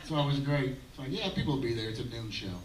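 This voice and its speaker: A man, doing a rambling, self-mocking stand-up set with halting fillers at an outdoor daytime show. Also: medium pitch, slight background noise. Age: 30s. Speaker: stand-up comedian. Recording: roomy live sound from a distance.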